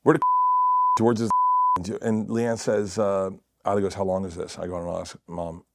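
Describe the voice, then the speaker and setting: A middle-aged man telling stories in a casual podcast chat, laughing often and dropping to quiet mutters. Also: low voice, little pitch movement, moderate pace, gravelly, no echo. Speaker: comedian guest. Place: podcast studio.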